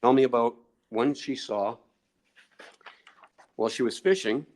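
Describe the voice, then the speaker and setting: Older male interview guest; digressive, chuckling storyteller at an average pitch. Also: unhurried, darkish tone. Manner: rambling, digressive, chuckles often. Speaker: guest researcher.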